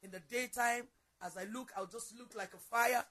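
A woman's voice: fairly high pitch, fairly even intonation, normal speed, a bit bright. A woman sharing a personal faith testimony as a guest, telling it as an earnest story and often repeating or restarting her phrases.

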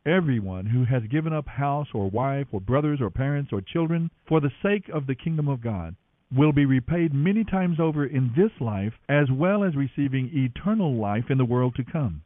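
An earnest, measured male teacher, gentle yet firm, as a man reads him out with a lively rising and falling delivery. The sound is dry and narrow, like a phone line. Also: medium pitch, dry recording, close to an everyday voice.

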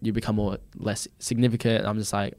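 A young man from Australia, a podcast guest telling stories in casual chat with quick laughs. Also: lowish voice, flat delivery, a little mellow, no echo. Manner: fast, chatty storytelling with laughs.

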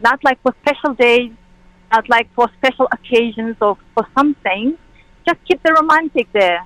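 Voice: medium pitch, moderate pace, a bit bright, dry recording, poor audio. Earnest caller searching for words.

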